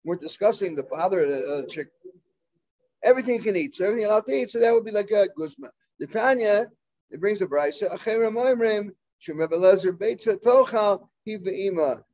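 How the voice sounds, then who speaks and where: High-voiced man teaching a Talmud class. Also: expressive, darkish tone, muffled recording. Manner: halting, full of fillers and restarts, mixing Hebrew and Aramaic terms.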